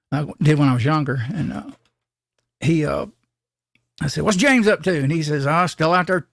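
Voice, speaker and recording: A man's voice: on the high side, vocal fry, no echo, studio quality. An older man, hosting a casual live stream and telling rambling, folksy stories with frequent restarts.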